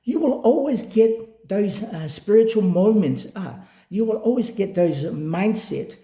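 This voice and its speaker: A man's voice: sits high, a little slow, echoey room. Man telling an upbeat motivational story. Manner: animated, switches between English and Samoan, acts out quotes.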